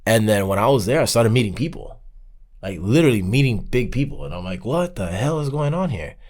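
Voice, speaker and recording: A man's voice: medium pitch, brisk. A man guest on a podcast, telling a long story in casual talk and acting out the dialogue. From Miami. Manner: animated, acts out quoted dialogue.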